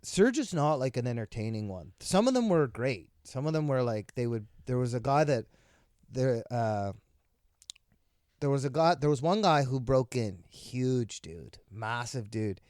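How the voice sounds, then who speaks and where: A man's voice: mid-range voice, animated, unhurried, darkish tone, dry recording. Rambling storyteller man, dry close mic. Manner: rambling, many restarts. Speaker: podcast guest, comedian. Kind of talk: casual storytelling.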